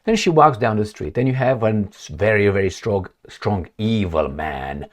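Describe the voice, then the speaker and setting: A male commentator speaking off the cuff in a lively, animated way, with his pitch swinging widely. He peppers his points with rhetorical questions and sarcasm. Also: normal speed. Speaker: political commentator. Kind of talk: casual opinion commentary.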